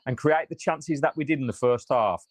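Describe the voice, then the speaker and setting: A man's voice: medium pitch, a little fast, dry recording. A man hosting a fan channel, reacting live after a match in a frustrated, sweary rant and reading out viewer comments.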